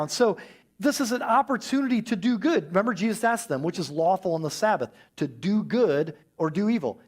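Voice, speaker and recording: A male pastor giving a lively sermon, acting out the voices of the people in the story as he goes. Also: high voice.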